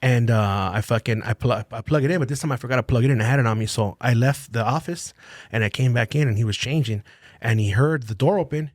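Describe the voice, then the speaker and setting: Man, casual podcast chat, rapid-fire delivery, profane and animated, dry close mic. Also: mid-range voice, no echo. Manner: profane, animated, acts out quoted dialogue.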